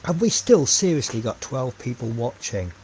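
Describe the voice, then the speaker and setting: A man's voice: mid-range voice, big pitch swings, moderate pace, darkish tone, a little hiss or hum. A man chatting casually on a live stream while he paints miniatures, thinking aloud with many ums and trailing asides.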